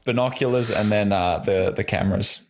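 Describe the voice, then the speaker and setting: Easygoing Australian man, low voice. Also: moderate pace. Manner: easygoing, rambling, says "like" a lot. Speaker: guest podcaster and hunter. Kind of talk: casual podcast chat.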